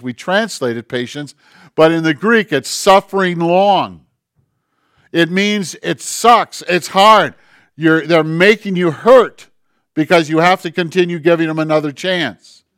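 A man preaching a conversational sermon, swinging between loud emphasis and hushed, quiet quoting. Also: fairly high pitch, dry recording, clean studio sound. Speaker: pastor.

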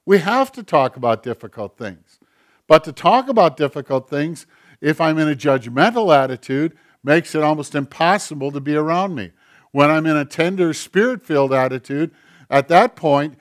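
A man preaching a sermon in a conversational way, acting out quoted voices as he goes. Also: a little high. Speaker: pastor.

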